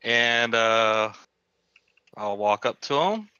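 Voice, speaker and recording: A man playing a tabletop game, slowly and deliberately describing his character's actions with many fillers. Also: mid-range voice, expressive, pushed and bright, clear, resonant tone, dry recording, highs cut off. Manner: slow, deliberate, hesitant with fillers. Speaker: player.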